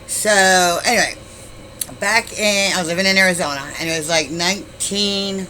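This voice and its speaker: A woman's voice: fairly low pitch, fairly even intonation, normal speed, sharp tone, a little hiss or hum, poor audio. A middle-aged woman casually telling a story to her YouTube viewers, rambling and blunt, swearing freely with many asides.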